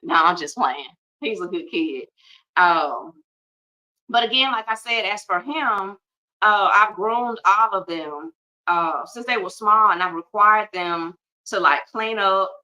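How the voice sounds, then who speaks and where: A bright, forceful woman of middle age talks to her podcast listeners in a colloquial, emphatic way and breaks in with joking asides. Her voice sits a little back from the mic. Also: medium pitch, takes it slowly, far from the mic, dull audio. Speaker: podcast host. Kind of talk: casual heartfelt talk.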